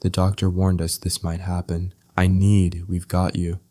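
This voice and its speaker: A man's voice: low voice, completely flat delivery, measured pace, mellow, dry recording, clean studio sound. A man voicing a firm, possessive alpha male who reassures his mate in an audio story.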